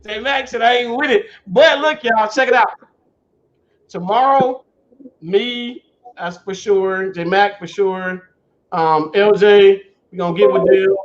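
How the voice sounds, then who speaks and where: High-voiced guy running a chill livestream, aave, shouting out viewers, muffled lo-fi stream sound. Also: slow. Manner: loose, laughing, greets viewers by name. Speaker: livestream host. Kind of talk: casual livestream chat. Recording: dull lo-fi stream audio.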